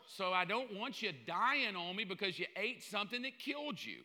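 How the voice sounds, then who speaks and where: A man preaching a sermon in an animated, joking way, often mimicking the voices of other people. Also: high voice, moderate pace. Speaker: pastor. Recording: long hall reverb.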